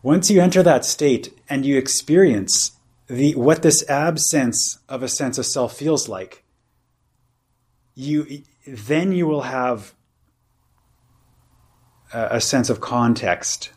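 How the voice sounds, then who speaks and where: A man's voice: medium pitch, slow, pauses often, darkish tone, breathy edge. A man teaching meditation at a retreat, speaking in a casual, rambling way with many fillers such as "you know" and "like". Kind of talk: informal dharma talk at a retreat.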